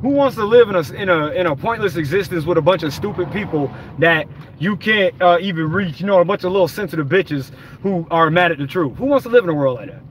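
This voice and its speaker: A man's voice: high-pitched, animated, fast, slight background noise. A man giving an angry, profane, rambling rant while driving, recorded on a phone in his car. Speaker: vlogger. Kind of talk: ranting vlog while driving.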